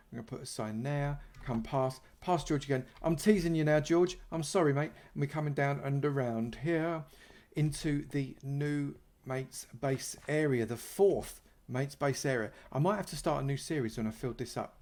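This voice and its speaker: Chatty man playing Minecraft. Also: medium pitch. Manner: chatty and playful, thanking supporters. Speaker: Minecraft YouTuber. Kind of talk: casual gameplay commentary.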